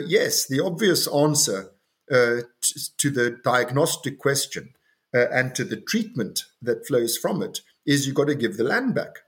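An older man from South Africa speaks as an interview guest in a measured, mid-pitched voice. He thinks aloud and hesitates often, circling back with fillers and restarts as he works through his thoughts. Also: fairly bright tone. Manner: halting, with many fillers and restarts. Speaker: interview guest, farm owner. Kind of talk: reflective interview talk.

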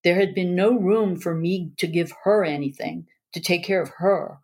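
A woman's voice: on the low side, moderate pace, a little mellow. A woman narrating a first-person memoir aloud in an earnest, emotional way.

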